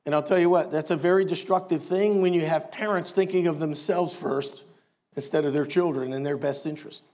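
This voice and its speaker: A man's voice: a little high, fairly even intonation, fairly quick, a little mellow. An older man preaching a sermon as pastor, emphatic with wry asides.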